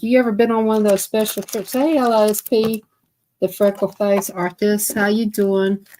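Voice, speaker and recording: A woman's voice: lowish voice, a little mellow, a little hiss or hum. A woman with a Southern US accent chatting on a live stream, telling rambling stories and laughing between phrases. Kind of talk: casual storytelling to viewers.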